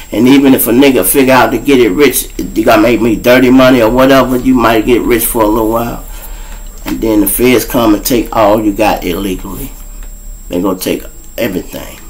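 A man around fifty with a Chicago accent, hosting his own show and telling a raw street story to his listeners, profane and blunt, breaking into loud acted-out voices. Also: medium pitch, poor audio. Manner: profane, blunt, addresses listeners directly, acts out voices loudly. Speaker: show host.

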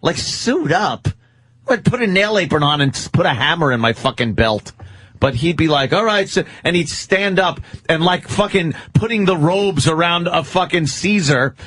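A man's voice: a little high, moderate pace, fairly bright tone, dry recording. A man, a radio host, telling profane, rueful stories about past jobs in a casual chat.

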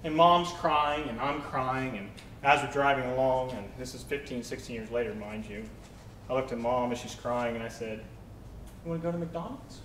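A young adult man preaching a sermon to his congregation, telling personal stories in an animated, joking way. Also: medium pitch, moderate pace, slight background noise. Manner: animated, jokey storytelling. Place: church hall. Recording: roomy church hall.

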